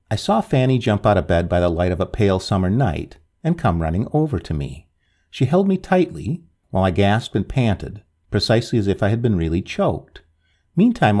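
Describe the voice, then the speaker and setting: A male storyteller reads an old ghost story with drama, his husky voice rising and falling over a very wide range. His voice sits fairly low, and he gives each line a vivid, expressive turn. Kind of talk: reading a Victorian ghost story aloud.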